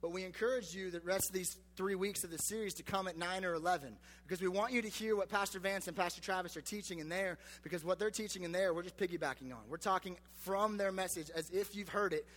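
A man's voice: high-pitched, quick pace, hardly any pauses, a bit bright, long reverb tail. A man in his twenties giving a casual youth sermon, chatty and self-deprecating with lots of fillers. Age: 20s. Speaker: youth pastor.

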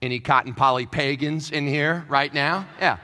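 A man, a pastor, preaching a sermon with joking asides, moving between quiet talk and shouting. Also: on the high side, moderate pace. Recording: echoey hall.

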